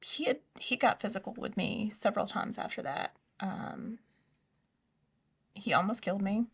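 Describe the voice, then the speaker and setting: A woman telling her personal story in an interview, soft-spoken and hesitant, often dropping to a near whisper. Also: mid-range voice, normal speed, gravelly, recorded from a distance. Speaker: interview guest. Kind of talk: personal testimony in a conversation.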